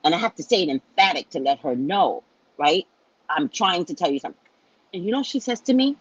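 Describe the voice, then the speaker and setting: Middle-aged lady rambling through a story to her viewers, voice swings all over, kinda husky, a bit muffled and lo-fi. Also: lowish voice, brisk, no room sound. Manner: animated, chatty storyteller with frequent swearing and self-asides. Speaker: psychic reader and show host.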